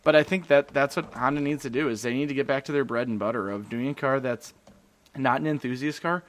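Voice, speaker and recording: A man co-hosting a casual car podcast, rambling and animated, often restarting his sentences. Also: mid-range voice, a little fast. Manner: rambling, animated, self-interrupting. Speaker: podcast co-host.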